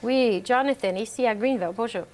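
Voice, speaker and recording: A woman's voice: on the high side, fast talker, a little mellow, a little hiss or hum. Woman French teacher translating line by line. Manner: reads French aloud then translates, with many fillers. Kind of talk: remote classroom lesson.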